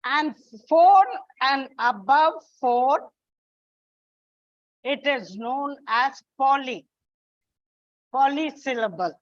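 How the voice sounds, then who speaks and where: A woman teaching an English lesson in a high, unhurried voice, walking through examples one at a time. The sound is dry and a little dull, like a lo-fi classroom recording. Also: dry recording. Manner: slow, deliberate explaining with spelled-out examples.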